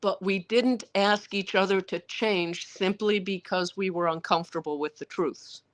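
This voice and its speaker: At normal speed and in a mid-range voice, a woman author takes viewer questions on a livestream. Her candid stories ramble in a salty, blunt manner, with the odd swear word and quoted voices for what other people said.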